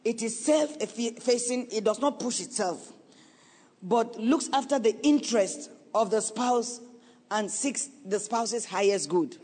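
A middle-aged woman pastor preaching a sermon, earnest and pleading, at times sinking into a soft, slow voice. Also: a little high, breathy edge. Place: church sanctuary. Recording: long reverb of a large hall.

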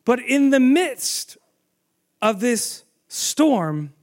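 A man preaching a sermon, telling the story with animated storytelling and asking the audience questions. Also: extremely high pitch, extremely slow.

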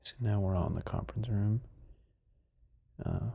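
A man with a low, gravelly, slightly husky voice drifts through a sleep podcast recap, rambling and sometimes sinking to a whisper. The recording sounds somewhat dull and muffled. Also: lively intonation, normal speed. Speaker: podcast host.

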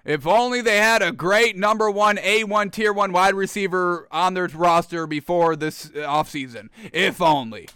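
Brash high-voiced man ranting about football. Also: normal speed, few pauses, pushed and bright, smooth, no room sound. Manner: brash, mocking, addresses viewers as folks. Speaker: sports show host. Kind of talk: animated sports opinion rant.

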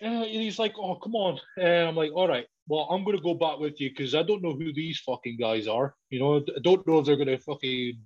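A man's voice: a little fast, few pauses. A man telling a story in casual chat, swearing often and laughing as he goes. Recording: dull, low-fidelity recording.

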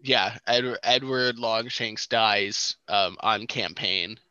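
A man co-hosts a relaxed movie chat with a very bright, sharp-edged voice. He explains his points quickly and with amusement. The recording is dry and dull, with a lo-fi edge. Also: lowish voice, no room sound. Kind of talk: casual chat reviewing a movie.

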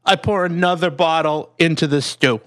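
A man's voice: fairly high pitch, steady tone, moderate pace, fairly bright tone. A man playing a tabletop game, hesitant and stammering as he describes his moves. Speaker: player.

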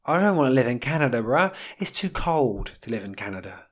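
Male solo podcast host, mid-pitched voice, rambling and wry, lots of fillers. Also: very animated, a little fast, slightly rough. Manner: rambling, wry, jokey asides with many fillers. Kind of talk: casual solo monologue.

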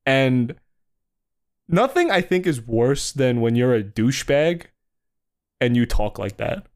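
A man's voice: mid-range voice, big pitch swings, slow pace. A young man from New Jersey, co-hosting a podcast in a casual chat, rambling with lots of fillers and sliding into mock voices. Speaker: podcast co-host.

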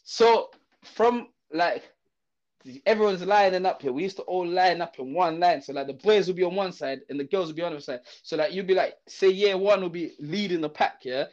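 High-voiced man. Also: brisk. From Zimbabwe. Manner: animated, slangy, lots of fillers and restarts. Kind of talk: casual storytelling chat. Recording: dull lo-fi audio.

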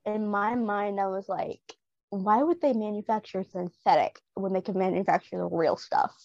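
Woman, mid pitch, enthusiastic casual chat, dry muffled sound. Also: normal speed, darkish tone, no room sound. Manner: enthusiastic, laughs, quotes characters. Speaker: podcast co-host.

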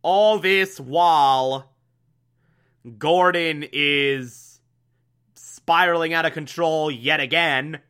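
Young guy gushing about a tv show, slow, kinda high, lots of likes and uhs. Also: fairly bright tone, clean tone. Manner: enthusiastic, repetitive, filler-heavy. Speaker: TV recap host. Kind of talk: casual episode recap.

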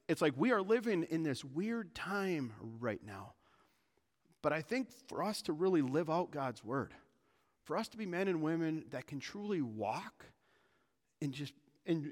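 A man preaching a sermon as pastor, earnest and conversational, addressing his church family with frequent restarts. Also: on the high side. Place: church sanctuary. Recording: long hall reverb.

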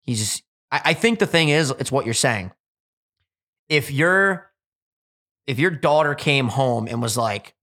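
Animated young man on a podcast. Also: medium pitch, a little slow. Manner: animated, swears freely, acts out quotes. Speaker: podcast host. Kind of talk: casual podcast chat.

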